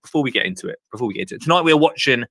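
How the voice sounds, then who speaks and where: A man's voice: mid-range voice, lively intonation, racing, a bit bright, no echo. A man hosting a live gardening call-in show, rambling and laughing at himself in casual chat. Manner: rambling, chuckling, self-mocking.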